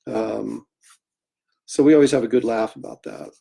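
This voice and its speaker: A man's voice: on the low side, moderate pace, gravelly, breathy edge. Chatty man telling stories while drawing. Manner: chatty, animated anecdotes with laughter and acted quotes. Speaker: comic artist hosting a livestream. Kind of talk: casual storytelling while drawing.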